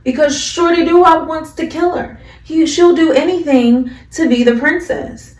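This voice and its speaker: A woman's voice: high-pitched, a little slow, a little mellow, distant mic, pitched above the performer's own voice. Woman doing a blunt weary anime hero. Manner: blunt, matter-of-fact. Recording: echoey room, voice off mic.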